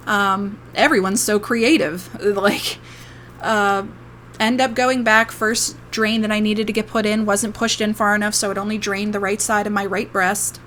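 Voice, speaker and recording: A woman's voice: medium pitch, little pitch movement, a little slow, a bit bright, a little hiss or hum. A young adult woman, an ASMR creator, telling a long, emotional personal story in a casual, rambling way, swearing now and then.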